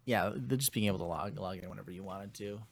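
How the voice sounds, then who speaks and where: A man's voice: fairly low pitch, quick pace, creaky. A young adult man co-hosting a podcast in casual gaming chat, jokey and a little boastful, laughing as he talks. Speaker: podcast co-host.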